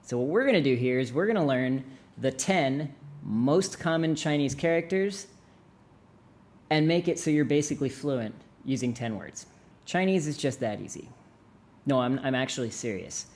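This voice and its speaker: Brief: young man, mid-pitched, comic language teacher, playful and exaggerated. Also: lively intonation, moderate pace, a little mellow. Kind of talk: jokey video lesson.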